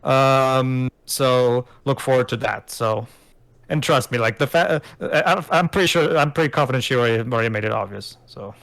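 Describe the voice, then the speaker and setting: A man's voice: medium pitch, normal speed, vocal fry, fairly bright tone, dry recording. A man giving casual movie commentary, explaining background lore to friends.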